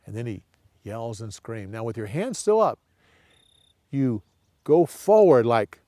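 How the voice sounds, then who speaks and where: A man walks listeners through a Bible story at an unhurried pace and repeats each part so they can follow with hand motions. He acts out the quoted lines briefly, and his voice sits in a middle pitch. The sound is close and dry. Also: no echo. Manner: repetitive, steady, acts out short quotes.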